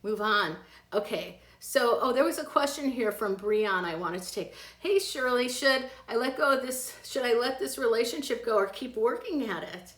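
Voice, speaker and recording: A woman in her fifties from the American Midwest, giving tarot readings in a chatty, animated way and laughing often. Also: a little high, moderate pace, few pauses, roomy sound. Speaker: psychic doing live tarot readings. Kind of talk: casual live-stream chat.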